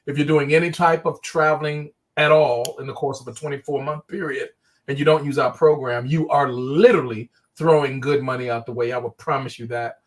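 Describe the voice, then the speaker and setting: A man's voice: mid-range voice, steady tone, brisk. A man, a pastor hosting a call, affirming his guest and wrapping up with encouragement. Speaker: pastor and host.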